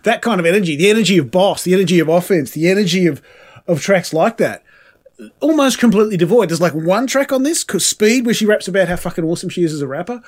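A man's voice: high-pitched, animated, fast talker. A man co-hosting a podcast, reviewing an album in rambling casual chat, swearing freely and restarting his sentences a lot. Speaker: podcast co-host.

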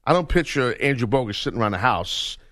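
Animated Southern man hosting sports radio. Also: mid-range voice, quick pace, dry recording, studio quality. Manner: jokey, playful, boastful. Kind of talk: casual radio banter. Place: radio studio. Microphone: studio mic.

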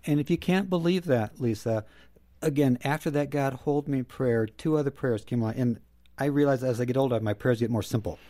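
A middle-aged man talks earnestly on a roundtable. His voice is warm and mellow. When he repeats his simple prayers, he grows quiet and tender. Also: medium pitch, a little fast. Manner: earnest and personal, drops soft when quoting his prayers. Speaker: guest. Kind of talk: reflective roundtable talk.

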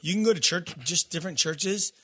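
Bright, higher-voiced male podcast host. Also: brisk. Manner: encouraging, preachy asides. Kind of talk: casual interview.

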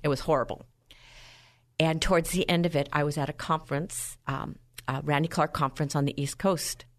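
A woman guest on a radio show, telling her personal testimony with lively storytelling and frequent laughter. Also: low-pitched, a little fast.

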